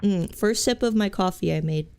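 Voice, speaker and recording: A woman's voice: mid-range voice, moderate pace, creaky, a little mellow, clean tone. A young woman streaming a game, chatting in a rambling, goofy, self-mocking way with many restarts. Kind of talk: live game stream chat.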